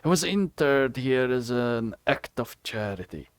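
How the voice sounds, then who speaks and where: A man voicing a gentle, soft-spoken old priest who talks in a kindly, hushed way. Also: mid-range voice, expressive, a little slow, no echo, studio quality.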